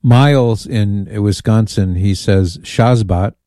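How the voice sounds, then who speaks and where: A man hosts a call-in radio show, talking casually and reading listener messages with amused asides. His voice sits low and mellow. The studio sound is dry and close. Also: slow, dry recording. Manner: chatty, reads listener emails aloud with amused asides. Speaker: radio host.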